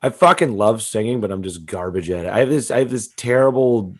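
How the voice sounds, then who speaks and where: A man with a deep, gravelly voice chats loosely on a comedy podcast. He swears constantly and riffs from one bit to the next. His delivery is crude and loose. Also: expressive, a little fast. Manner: crude, swearing, riffing with laughs. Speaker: podcast co-host. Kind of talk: casual comedy podcast chat.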